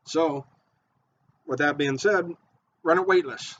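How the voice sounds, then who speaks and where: In a casual how-to video, an eager, excitable fishing bait maker and charter guide goes through his fishing tips slowly, repeating himself once he gets going. His voice is slightly high for a man, and the muffled, dull audio carries some faint background noise.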